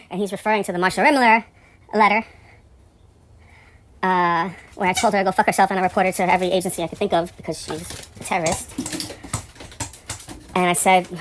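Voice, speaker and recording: A woman at a middle pitch tells a story in a loose, rambling monologue. She is profane and indignant, and her voice jumps higher and louder when she is exasperated. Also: steady tone, brisk, pauses often, slight background noise. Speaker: vlogger telling a story about her building.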